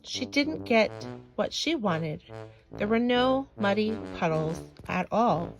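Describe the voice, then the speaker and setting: A woman reading a children's bedtime story aloud in a slow, gentle manner. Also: medium pitch, expressive, over music, rough recording. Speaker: storybook reader.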